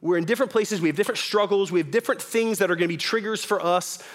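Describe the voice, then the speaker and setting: A man's voice: high-pitched, rapid-fire. A young man preaching a sermon in a church, casual and joking, often asking "right?". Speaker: pastor. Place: church hall with audience.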